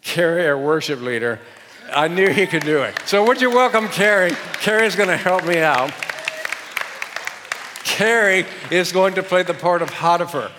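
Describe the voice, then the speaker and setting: A male pastor preaching a sermon, retelling a story with animated, humorous storytelling and direct questions to the congregation. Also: high-pitched, moderate pace, long reverb tail, a crowd in the background, background noise.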